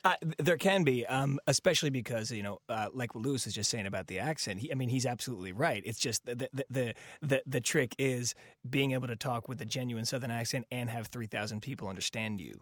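A man's voice: mid-range voice, brisk, no echo. A man, a musical theater actor, speaking earnestly in a radio interview with some fillers and restarts.

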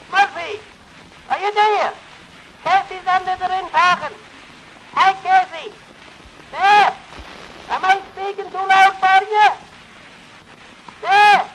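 A man's voice: very high voice, fairly bright tone, a little hiss or hum, exaggerated voice, rough recording. A man playing a timid, bumbling man who stammers and defers to his betters on an early comedy record. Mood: shouting. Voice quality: hesitant, stammering, deferential speech. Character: bumbling old-time Irish man, timid with his betters, baffled by the telephone.

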